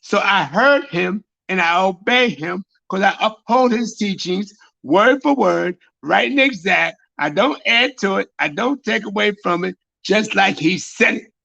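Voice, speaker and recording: A man preaching as a high priest, repeating phrases and building to shouts, on a dull lo-fi recording. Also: animated, a little slow, gravelly. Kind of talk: sermon.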